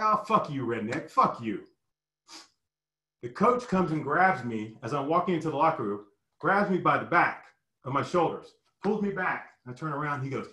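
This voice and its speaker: A middle-aged man recounts his past in an emotional, profane storytelling style. His voice sits fairly high and leaps even higher when he quotes himself. The room around him rings with echo. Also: normal speed. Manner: animated, profane, raises voice sharply when quoting himself. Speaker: storyteller recounting personal experiences. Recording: echoey room.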